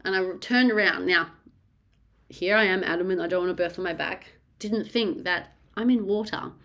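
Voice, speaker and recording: A woman candidly recounting her birth story, frank and animated, swearing freely. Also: lowish voice, moderate pace.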